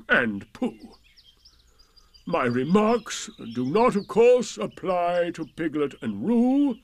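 A man's voice: a little high, voice pushed up. Man doing a glum old donkey for a storybook, dragging every word, rising and sinking sadly. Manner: mournful, drawn-out, sarcastic. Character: gloomy old male donkey, slow and self-pitying. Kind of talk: storybook reading.

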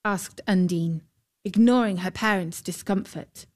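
A woman narrating a fairy tale in a calm, measured storytelling manner. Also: mid-range voice.

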